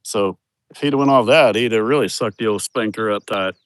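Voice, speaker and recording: A man rambles through a crude, joking tour of his farm. His voice sits a bit low, and the sound is dry and close. He talks casually into a phone camera outdoors. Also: brisk, smooth, no room sound. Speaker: vlogger showing his farm. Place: outdoors on rural farmland.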